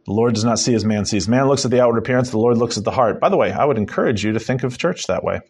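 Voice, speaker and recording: Male preacher, casual Bible-study sermon delivery, emphatic with wry asides, average pitch. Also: lively intonation, racing, darkish tone, breathy edge. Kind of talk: conversational sermon, Bible teaching.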